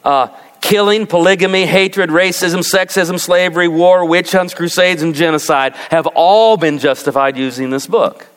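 A man preaching a sermon as pastor, animated and rising to emphatic peaks. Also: high voice, moderate pace, hardly any pauses, clear, resonant tone. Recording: long reverb of a large hall.

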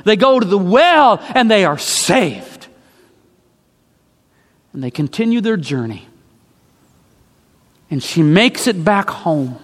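A man delivers a sermon as dramatic storytelling, leaning on repeated phrases for emphasis. His voice sits high for a man and moves slowly. A long reverb from a large hall hangs on every line. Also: fairly bright tone. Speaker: preacher.

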